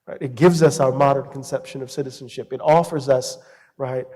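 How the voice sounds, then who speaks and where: A man's voice: medium pitch, fairly quick. A middle-aged man speaking as a guest scholar in an interview, telling stories with passion and reflecting aloud. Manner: passionate storyteller, animated and reflective. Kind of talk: interview conversation. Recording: reverberant hall.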